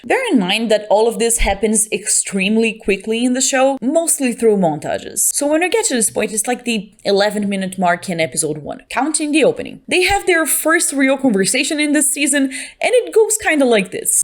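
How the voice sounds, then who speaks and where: A young woman giving a casual show review, sarcastic and playful. Her pitch leaps around constantly, and she often jumps high for emphasis. She talks in a bright, fairly high voice. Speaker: video reviewer.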